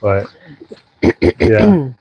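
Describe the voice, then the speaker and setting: A man's voice: lowish voice, very animated, drawn-out words, no echo, highs cut off. A man co-hosting a casual chat aboard a sailboat, rambling as he tells a story and acts out what others said. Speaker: podcast co-host.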